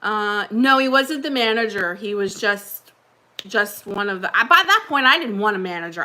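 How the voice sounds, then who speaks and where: A woman's voice: on the high side, lively intonation, a little fast, pushed and bright. A woman hosting a casual livestream, chatting with viewers in a rambling way and laughing often. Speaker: livestream host.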